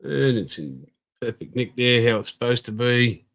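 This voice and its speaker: A man's voice: medium pitch, expressive, normal speed, fairly bright tone, poor audio. An older Australian man, tired, hosting a live stream and rambling casually while greeting viewers. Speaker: livestream host.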